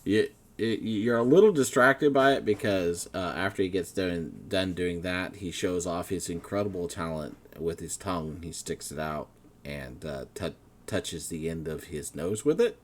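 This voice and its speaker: A man narrating a tabletop game as game master, in a relaxed, chuckling way. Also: low-pitched, moderate pace, a little hiss or hum.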